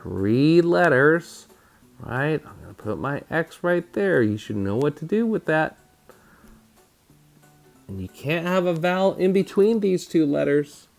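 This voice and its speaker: A man teaching a phonics spelling lesson to children, sounding out words slowly and patiently and over-enunciating each syllable. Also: fairly high pitch, expressive, creaky, soft background music.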